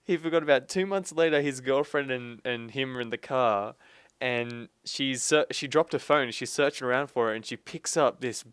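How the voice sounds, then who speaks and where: Smooth-voiced young man telling a rambling story. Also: mid-range voice, normal speed, a bit bright, no room sound. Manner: rambling storyteller, many restarts and "like". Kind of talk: casual chat while gaming.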